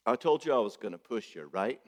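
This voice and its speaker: A man's voice: on the low side, lively intonation, brisk, darkish tone. A man gives a joking, conversational conference talk as a marriage therapist, often checking in with the audience. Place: church hall. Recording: echoey church hall.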